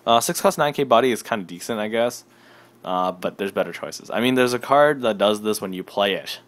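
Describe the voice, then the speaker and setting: A man's voice: fairly low pitch, lively intonation, fairly quick. Sleepy young man rambling about cards. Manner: rambling, self-deprecating. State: tired and yawning. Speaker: card game reviewer. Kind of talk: casual card review. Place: home desk.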